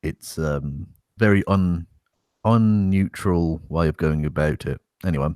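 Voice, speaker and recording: A man's voice: deep voice, unhurried, a little mellow, clean tone, no echo, clean studio sound. A man co-hosting a casual podcast, reading a statement aloud with wry, sarcastic asides and swearing. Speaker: podcast co-host.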